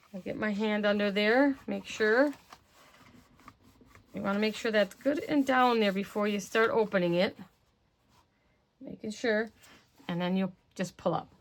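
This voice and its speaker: Gravelly-voiced woman teaching a paper craft. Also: medium pitch. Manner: talks while working with hands, trailing off, murmuring to herself. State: slightly losing her voice. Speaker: craft tutorial host. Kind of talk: casual step-by-step craft instruction.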